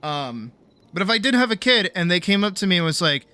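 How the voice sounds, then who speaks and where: High, bright-voiced rambling streamer. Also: male voice, big pitch swings, fairly quick. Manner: rambling storytelling, frequent swearing and "like". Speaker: game streamer. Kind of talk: casual live-stream chat.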